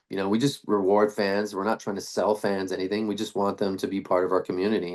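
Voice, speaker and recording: A middle-aged Canadian man with a low-pitched voice, the frontman of a band, chats casually in an interview. He rambles, restarting sentences and using lots of fillers.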